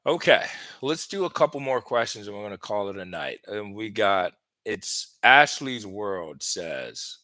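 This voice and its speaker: A relationship coach answering viewer questions on a live stream, giving direct, conversational advice with lots of fillers, a little out of breath. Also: male voice, lowish voice, bright, forceful tone, no room sound. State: slightly out of breath.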